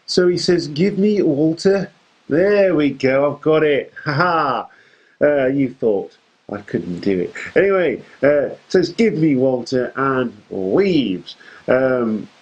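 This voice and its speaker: A man's voice: medium pitch, darkish tone, breathy edge, rough recording. A man hosting a fan show, giving a chatty, rambling recap of a wrestling show with jokey asides.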